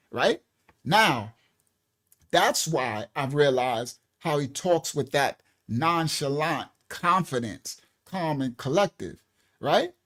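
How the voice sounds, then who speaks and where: A man with a fairly high, very lively voice that swoops up and down as he explains. He talks colloquially in a casual teaching monologue and keeps checking in with his listeners. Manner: animated, repeats "right?" and "listen clearly", colloquial. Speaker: ministry host teaching viewers.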